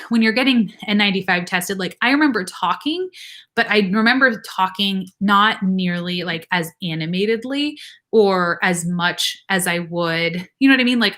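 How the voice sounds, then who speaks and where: A woman's voice: mid-range voice, bright, forceful tone. A young woman who is a nurse practitioner, hosting a casual live Q&A, chatty, laughing often and saying "like" a lot.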